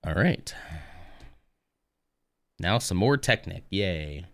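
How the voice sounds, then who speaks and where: A man with a low voice talks casually on a live stream while he builds a model kit. He rambles and mutters to himself between stories. The sound is dry and close, with no room around it. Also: animated, drawn-out words, creaky, dry recording.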